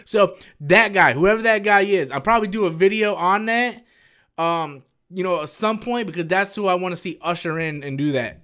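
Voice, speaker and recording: Fairly high-voiced man, rambling and animated. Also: normal speed. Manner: rambling, animated, swears freely. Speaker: YouTube host answering viewer questions. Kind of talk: casual live-stream Q&A.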